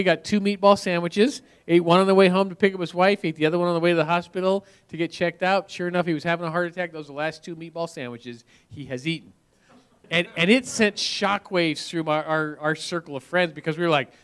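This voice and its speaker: A man's voice: high-pitched, fairly even intonation, a little fast, a bit bright, clear, resonant tone. A man in his fifties speaking to an audience as a marriage speaker, earnest and often repeating words as he goes. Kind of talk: talk to an audience.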